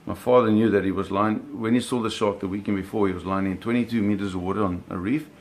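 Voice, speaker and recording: A man telling a personal story in an animated, vivid way, often restarting his phrases. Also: fairly low pitch, quick pace, a little hiss or hum.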